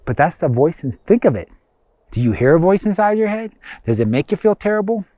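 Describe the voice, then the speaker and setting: A man's voice: high voice, sing-song, brisk, dark tone, dry recording. A man giving a conversational motivational self-help talk, emphatic and repetitive. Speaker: motivational speaker.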